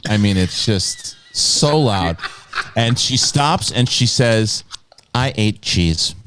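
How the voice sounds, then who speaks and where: A man's voice: lowish voice, lively intonation, slow, background noise. A man in his thirties hosting a live talk show, telling stories animatedly, laughing often and acting out his kids' voices. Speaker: host. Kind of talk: casual live show chat.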